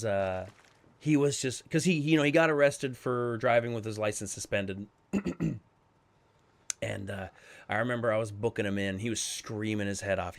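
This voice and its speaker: A man streaming a multiplayer game, chatting casually in a blunt, profane, rambling way, with animated loud riffs and quieter asides. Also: on the low side. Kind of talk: casual chat while streaming.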